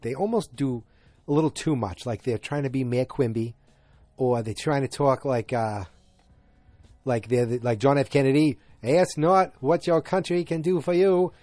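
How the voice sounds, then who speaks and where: A man's voice: mid-range voice, animated, moderate pace, warm tone, dry recording. A man from north of Boston with a slight Boston accent, recapping a TV episode in a casual, rambling way with jokey asides. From north of Boston, Massachusetts. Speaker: podcast host.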